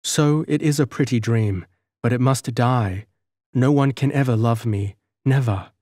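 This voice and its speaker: A man gives a lightly raised voice to a gentle young village girl from a storybook, shunned and sorrowful, who speaks softly and earnestly. The recording is dry and close, with no room sound. Her wistful lines move along at a middling pitch. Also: measured pace, no room sound, natural voice. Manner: soft, earnest and wistful delivery. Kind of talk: audiobook character reading.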